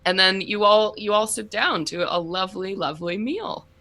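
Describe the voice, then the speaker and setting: A woman's voice: medium pitch, normal speed, sharp tone. A woman narrating a tabletop game as game master, descriptive and full of fillers.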